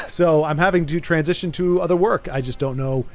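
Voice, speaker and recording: A man's voice: a little high, brisk, faint music behind. Joking man hosting a game stream. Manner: rambling, self-deprecating jokes, frequent restarts. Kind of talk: casual chat while gaming.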